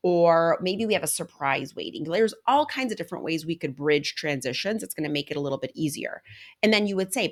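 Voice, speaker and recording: A woman's voice: low-pitched, expressive, brisk. A woman in her thirties hosting a solo podcast, speaking earnestly and directly to listeners as a coach. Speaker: podcast host. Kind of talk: solo podcast talk on parenting.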